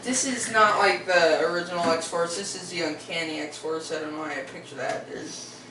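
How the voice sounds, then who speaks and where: A teenage boy with a fairly high voice hosts a casual vlog at a moderate pace, rambling and hesitant with many fillers and restarts. He's away from the mic in a roomy, echoey space with faint background noise.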